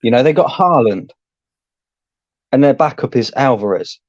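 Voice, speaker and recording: A man calmly arguing a point about his football club's squad in casual chat. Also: medium pitch, moderate pace, no echo, dull audio. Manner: calm, explanatory, argumentative. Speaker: co-host, football fan.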